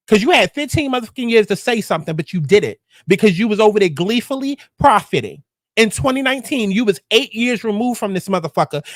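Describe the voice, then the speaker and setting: High-pitched guy ranting about celeb gossip, cusses a lot, dead dry room. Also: dry recording. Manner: blunt, heated and profane. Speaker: host.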